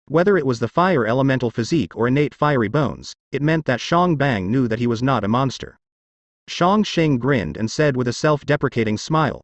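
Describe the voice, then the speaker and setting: A man reading a fantasy novel as scripted audiobook narration, with an even, unhurried reading. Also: mid-range voice, no room sound, studio quality.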